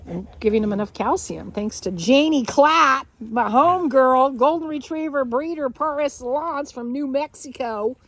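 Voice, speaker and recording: A woman's voice: fairly high pitch, slight background noise. A woman who breeds dogs, chatting casually outdoors and slipping into baby talk with her puppies, swearing freely. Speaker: dog breeder. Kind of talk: casual vlog chat with puppies.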